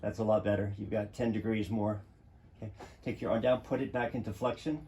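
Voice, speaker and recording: Male chiropractor, low voice, encouraging, brisk repeated instructions during treatment. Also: steady tone, warm tone, slight background noise. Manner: encouraging, gives short repeated commands. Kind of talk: coaching a patient through treatment. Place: treatment room indoors.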